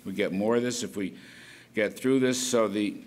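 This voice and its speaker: A man's voice: on the low side, moderate pace, darkish tone. An older man giving an off-the-cuff policy speech as a government economic official, rambling with folksy asides. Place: conference hall at an event.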